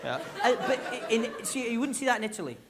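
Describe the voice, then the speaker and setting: A Scottish man doing live stand-up comedy on a concert hall stage, telling stories in an animated way with quick asides. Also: very high voice, noisy background. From Scotland. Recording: live theatre recording, loud crowd laughter.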